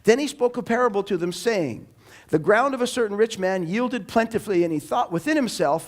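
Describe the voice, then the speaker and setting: A man with a strikingly high voice delivers a church sermon. His preaching is animated and emphatic, with sudden loud bursts for emphasis. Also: fairly quick. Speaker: pastor.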